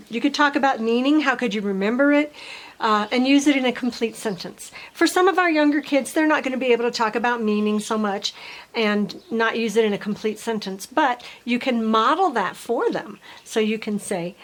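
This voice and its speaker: A middle-aged woman speech teacher giving parents a patient step-by-step tutorial, modeling simple sentences slowly. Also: fairly high pitch, animated, low-quality recording.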